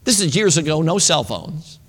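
A man's voice: fairly high pitch, big pitch swings, normal speed, fairly bright tone, slightly rough. A male preacher telling a story in a sermon, talking casually and often checking in with his audience. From northern United States. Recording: long reverb of a large hall.

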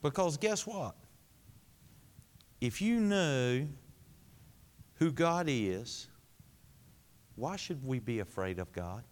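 A man preaching a sermon, asking the congregation questions and answering them himself, swinging between high emphatic lines and low quiet ones. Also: sing-song, slow pace, long pauses. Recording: long hall reverb.

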